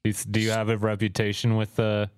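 Man, podcast co-host, very low voice, flat delivery, dry sound. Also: brisk, smooth, dry recording. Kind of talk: casual chat.

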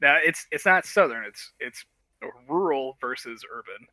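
A man co-hosting a podcast who mostly reacts with short interjections and quick comments in casual chat. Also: medium pitch, animated, bright, forceful tone, no echo, poor audio. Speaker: podcast co-host.

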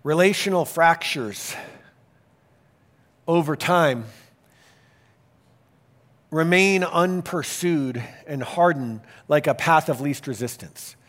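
A male pastor preaching a sermon, his voice sitting a little higher than most men's. He delivers it earnestly and emphatically, pressing some phrases quickly and drawing others out slowly. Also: fairly bright tone.

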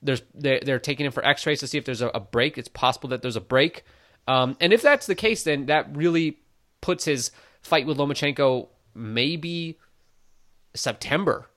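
A man co-hosting a casual sports podcast, talking in an opinionated, animated way with many "like" fillers. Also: a little high, normal speed. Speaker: boxing podcast co-host. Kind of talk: casual conversational commentary.

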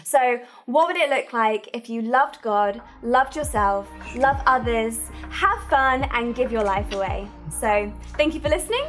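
High-voiced earnest woman podcast host. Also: animated, unhurried, hardly any pauses, a bit bright, faint music behind. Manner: earnest, encouraging. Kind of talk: faith podcast interview chat.

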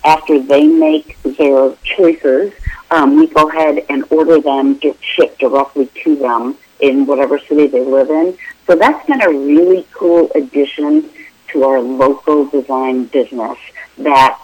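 A woman's voice: rumbling low, unhurried, darkish tone, poor audio. A middle-aged woman interior designer, a guest in a remote interview, explaining her work in a friendly, informal way with many fillers.

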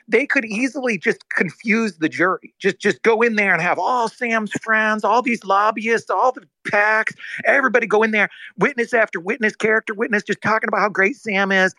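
A man in casual talk as a guest, telling a story in a rambling, animated way, full of restarts and acted-out quotes. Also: high voice, no echo, poor audio. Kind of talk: casual storytelling on a live audio chat.

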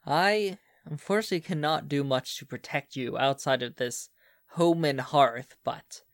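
A man voicing a dignified male house drake in opossum form, speaking slowly and formally with a German accent. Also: on the high side, no echo, studio quality. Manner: slow, formal and solemn.

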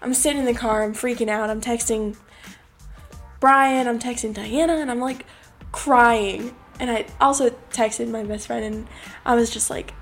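A young woman with a slightly high voice, telling a personal story in a loose, chatty way and leaning on little fillers as she goes. She sounds like a podcast host talking straight to her listeners, with soft music under her voice. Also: steady tone, moderate pace. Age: young adult. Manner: chatty, rambling, lots of "like" and "um". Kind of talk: casual storytelling.

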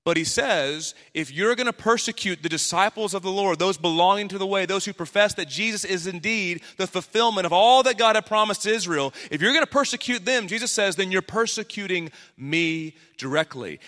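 Animated pastor preaching in a big hall. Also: male voice, high voice, fairly quick, few pauses. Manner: animated, acts out quoted voices. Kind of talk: sermon. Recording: long hall reverb.

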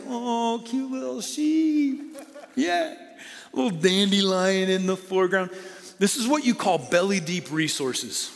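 A man preaching a sermon, animated with playful asides, then dropping to hushed emphasis. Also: high-pitched. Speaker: pastor. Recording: long hall reverb.

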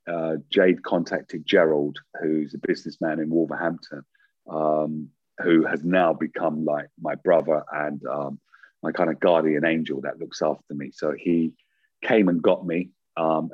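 A man telling a personal story as an interview guest, animated and quick, with many restarts and fillers. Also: sits low, husky, no room sound, muffled recording.

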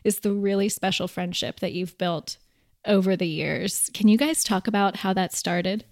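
A woman's voice: mid-range voice, moderate pace, darkish tone. A woman co-hosting a podcast interview, introducing the guest in a playful way. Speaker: podcast co-host.

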